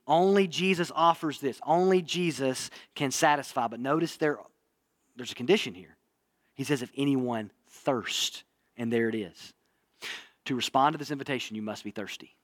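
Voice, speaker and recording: A man's voice: mid-range voice, a bit bright, no echo. A man preaching a sermon in an earnest way, often repeating himself and asking his listeners "right?". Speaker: pastor. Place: church.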